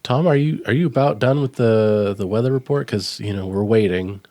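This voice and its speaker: A man's voice: on the low side, fairly quick, dark tone, natural voice. A man improvising a station manager pressing his late meteorologist in a patronizing way. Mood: impatient. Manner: pushy, patronizing.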